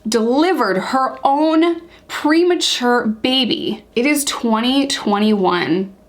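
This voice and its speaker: A woman's voice: a little high, animated, slow. A young woman from the United States hosting her own vlog, speaking earnestly and with open outrage, repeating points for emphasis. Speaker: YouTube channel host. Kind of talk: impassioned commentary vlog.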